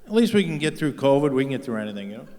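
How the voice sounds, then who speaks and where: A man's voice: medium pitch, sing-song, rapid-fire, a little mellow. A middle-aged man doing a crude, profane stand-up comedy set on stage, mocking and punching up each line. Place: large comedy venue with live audience. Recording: live stage mix with hall reverb.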